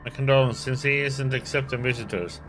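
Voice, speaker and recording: A man's voice: mid-range voice, brisk, a bit bright, faint music behind, lightly acted. A man voicing a weary, blunt male worker in a video game, talking in an offhand way.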